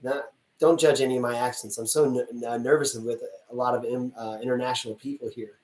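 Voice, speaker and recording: A man who works as a casting director answers questions on a live stream, chatty and lively, acting out little scenes. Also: mid-range voice, fairly quick, roomy sound, distant mic, low-quality recording.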